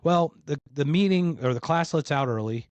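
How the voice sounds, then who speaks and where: A man's voice: fairly high pitch, moderate pace, dry recording, lo-fi sound. A man from Philadelphia telling a story in casual conversation, acting out what other people said. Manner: animated, acts out other people's lines. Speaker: podcast guest.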